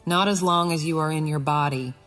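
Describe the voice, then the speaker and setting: A woman voicing a calm spirit of patience. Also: low-pitched, fairly quick, soft background music. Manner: calm, steady.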